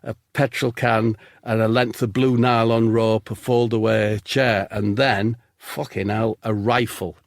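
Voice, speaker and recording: A man telling an absurd comic story in a deadpan, rambling way as a podcast co-host. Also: lowish voice, unhurried, few pauses, no room sound, clean studio sound. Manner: deadpan rambling tall tale.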